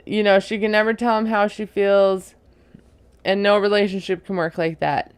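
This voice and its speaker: A woman giving a casual, opinionated recap of a reality TV episode, chatty and quick to laugh. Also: medium pitch, little pitch movement, clean tone, dry recording.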